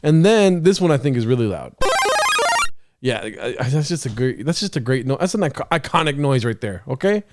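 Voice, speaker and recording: A man's voice: medium pitch, big pitch swings, fairly quick, darkish tone, soft background music. A young man hosting a casual solo podcast, rambling, joking at his own expense and laughing often. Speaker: podcast host.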